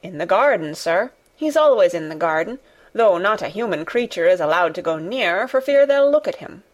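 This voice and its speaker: For an audiobook, a woman whose voice sits on the low side voices a fussy, flustered housekeeper of middle age. Speaking at a normal speed with lively intonation, she has the character explain breathlessly to her master.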